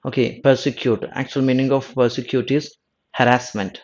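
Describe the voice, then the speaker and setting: A man's voice: medium pitch, flat delivery, normal speed, darkish tone, dull audio. A male exam coaching teacher working through test answers, often restarting and rephrasing as he talks. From South India. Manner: repeats himself, rephrases mid-sentence, asks "no?".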